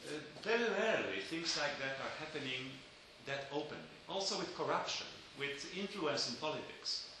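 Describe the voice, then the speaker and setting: A man's voice: on the high side, big pitch swings, normal speed, hardly any pauses, sharp tone, reverberant, slight background noise, poor audio. A man giving a lecture, hesitant with many fillers and dry joking asides.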